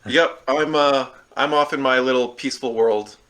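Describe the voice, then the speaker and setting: A man's voice: mid-range voice, moderate pace, fairly bright tone. A man playing a tabletop role-playing game, easygoing and self-deprecating as he describes what his character does. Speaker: player. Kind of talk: casual in-character play.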